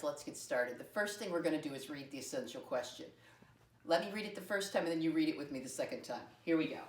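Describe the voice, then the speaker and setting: Cheerful teacher woman in an echoey classroom. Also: recorded from a distance. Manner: slow, spelled-out teacher talk with playful pitch leaps. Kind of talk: early-grade math lesson. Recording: roomy sound from off-mic.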